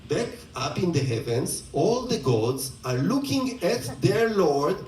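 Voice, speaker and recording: Animated, playful male storyteller. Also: high-pitched, slow pace, slight background noise. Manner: animated, playful, laughing asides. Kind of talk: retelling a myth to an audience. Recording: roomy, distant mic, faint ambience.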